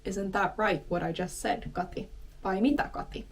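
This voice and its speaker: A woman's voice: normal speed, breathy edge. A woman giving a casual language lesson, explaining in a chatty way with lots of "kind of" and "like", and acting out short example phrases. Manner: chatty, many fillers like "kind of" and "like"; acts out short example lines with lively pitch jumps. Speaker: language teacher.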